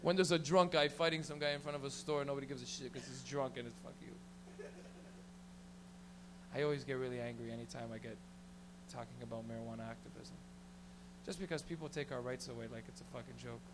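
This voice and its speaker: Against background noise, a man speaks in a mid-range voice with fairly even intonation. He's from Canada, emceeing an open mic comedy night on a small lounge stage, rattling off rambling, profane stories into a handheld mic.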